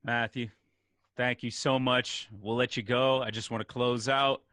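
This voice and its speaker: A male interviewer speaking very slowly and easily over a dry, close sound. His voice is mid-pitched, and a noisy line with clicks sits under it. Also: little pitch movement, sharp tone, dry recording. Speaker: interviewer, host. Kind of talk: interview wrap-up.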